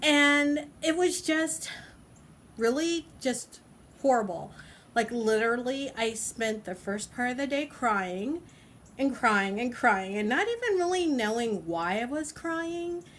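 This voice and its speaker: Woman in her forties, fairly high voice, casual vlog chat, laughs easily, drawn-out words. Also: animated, a bit bright, slight background noise. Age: 40s. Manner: chatty, laughs often, stretches words out. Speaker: vlogger. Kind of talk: casual self-help vlog. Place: outdoors on a balcony.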